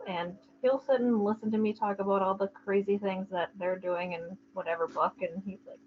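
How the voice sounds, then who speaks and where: A woman's voice: mid-range voice, steady tone, moderate pace. A woman chatting casually about books on a podcast, laid-back and agreeable. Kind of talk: casual book chat. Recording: dull lo-fi sound with faint noise.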